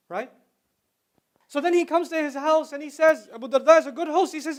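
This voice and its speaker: A man's voice: very high voice, fairly quick. A middle-aged man giving a religious lecture to students in a conversational way, explaining terms and slipping into slang. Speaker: Islamic lecturer.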